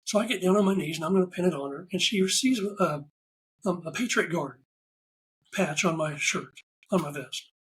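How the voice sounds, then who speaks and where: A man talking as a podcast guest. He tells stories in a casual, animated way and acts out the lines of the people in them. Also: high-pitched, normal speed, rough recording. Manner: animated anecdotal storyteller, acts out quoted dialogue. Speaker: podcast guest, ride photographer. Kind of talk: casual interview storytelling.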